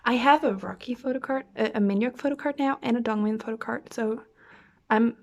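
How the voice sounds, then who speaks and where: A woman's voice: a little high, fairly quick, darkish tone. A young woman chatting through an unboxing vlog, gasping and counting down before each reveal and often dropping into a whisper. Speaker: vlogger unboxing albums. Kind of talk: excited unboxing vlog chat.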